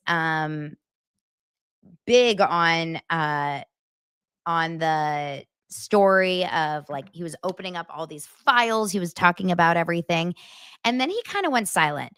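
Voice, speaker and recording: Speaking to camera in a casual chat, a woman hosting a celebrity gossip show sounds emphatic and incredulous, frequently saying things twice. Her voice sits on the low side with a fairly bright, clean tone, recorded dry in studio quality.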